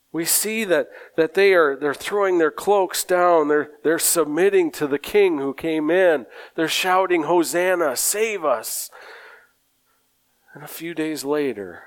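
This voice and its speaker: A male preacher delivering a sermon at an unhurried pace. His voice sits a little high for a man. He speaks earnestly and often repeats a word before going on. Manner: slow, earnest, with frequent repeated words.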